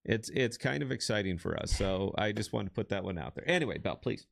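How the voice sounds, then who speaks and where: A man's voice: on the low side, lively intonation, quick pace, vocal fry, a little hiss or hum. A man hosting a live podcast stream, chatting casually and rambling with restarts. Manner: rambling, restarts often, bursts into shouting laughs. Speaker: podcast host.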